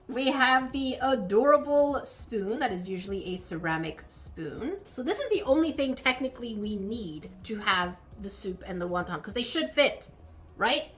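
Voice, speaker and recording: A woman hosting a crafting vlog, chatting casually and gushing excitedly over tiny miniature items as she builds a project. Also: mid-range voice. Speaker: crafting channel host.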